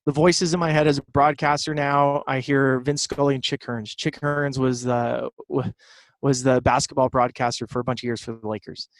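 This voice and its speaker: A man's voice: mid-range voice, fairly even intonation, moderate pace, no room sound, rough recording. A man from Southern California in his thirties, a baseball broadcaster, telling stories easily as a guest in a casual interview. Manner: easygoing storyteller.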